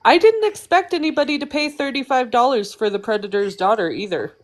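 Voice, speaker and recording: A woman's voice: on the high side, a little fast. A woman guest on a live stream, chatting casually and sounding amazed. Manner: excited, amazed. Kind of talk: casual chat.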